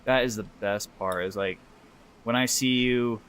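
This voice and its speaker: A man's voice: on the low side, unhurried, a bit bright, slight background noise. A man co-hosting a podcast in loose casual chat, swearing freely and laughing often while he draws. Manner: talks while drawing. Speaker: podcast co-host.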